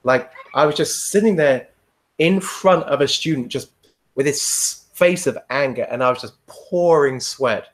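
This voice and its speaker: Man, casual podcast chat, profane, rambling, laughs often, mid-pitched voice. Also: measured pace. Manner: swears freely, rambling storytelling. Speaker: podcast guest.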